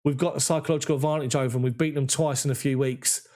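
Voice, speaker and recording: A man's voice: medium pitch, steady tone, rapid-fire, a little mellow. A man hosting a football fan live stream, reading viewer comments aloud and thanking them one by one. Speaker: football fan channel host. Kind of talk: live stream chat reading after a match.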